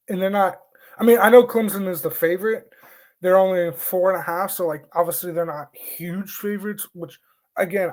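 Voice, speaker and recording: A man with a somewhat high voice talks through college football picks in a loose, rambling way. He often stops to correct himself mid-sentence. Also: a little mellow. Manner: rambling, self-correcting, joking melodramatic disgust. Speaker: sports podcast host.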